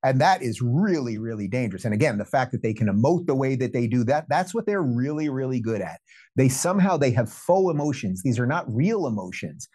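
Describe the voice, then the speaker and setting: A man's voice: medium pitch, lively intonation, fairly quick, mellow. A man appearing as a guest on a political talk show, talking emphatically and with scorn. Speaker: guest commentator.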